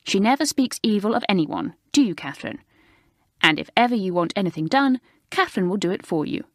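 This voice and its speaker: A sharp, sneering teenage schoolgirl from a storybook, as a woman narrator puts her on. She talks coolly and mockingly, close to the reader's own pitch. The sound is close and dry. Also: expressive, brisk, no room sound.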